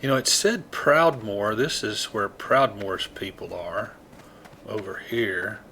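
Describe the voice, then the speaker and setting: A man's voice: lowish voice, slow pace, vocal fry, sharp tone, slight background noise. A man with a rural Southern American accent chatting casually and self-deprecatingly while he plays a game. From Southeast United States. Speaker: gaming video host.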